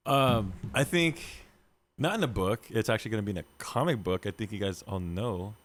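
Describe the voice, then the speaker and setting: Low, lively-voiced man chatting. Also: normal speed, slight background noise. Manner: playful, laughs often, lively pitch. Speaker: podcast co-host. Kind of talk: casual chat.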